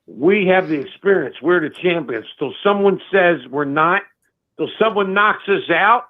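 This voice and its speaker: A man's voice: high-pitched, lively intonation, a little slow, no room sound. A man from Delaware calling in to a sports show, ranting emphatically and repeating his points. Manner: fired-up, emphatic, repeats himself. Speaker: caller. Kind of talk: fan call-in rant. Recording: tinny phone line.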